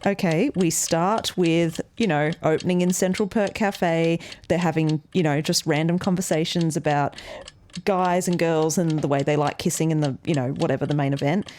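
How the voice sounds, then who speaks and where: A young woman with a fairly low voice co-hosts a relaxed podcast chat. She talks playfully, laughs easily and drifts through "um" and "like" while thinking aloud. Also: moderate pace, slight background noise. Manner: chatty and playful, laughs often, trails off with fillers. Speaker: podcast co-host. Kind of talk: casual chat.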